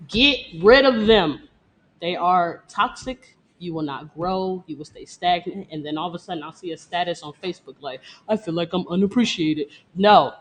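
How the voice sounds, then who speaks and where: Blunt, trash-talking woman dancer. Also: on the low side. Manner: blunt, profane, boastful, laughs often. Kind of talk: casual interview talk. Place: Detroit.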